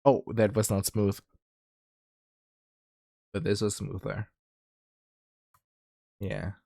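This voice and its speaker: A German-accented man with a lowish, slightly lispy voice and vocal fry talks extremely slowly on a livestream. His casual chat is animated and giggly, stuffed with "like" fillers. Through his streaming mic the recording sounds dry and studio quality.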